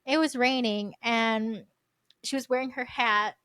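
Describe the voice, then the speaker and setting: A woman's voice: a little high, measured pace, clean tone, no echo. Chatty young woman telling a story. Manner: animated storyteller, acts out quotes, many "like" fillers. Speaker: podcast host. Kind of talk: casual chat.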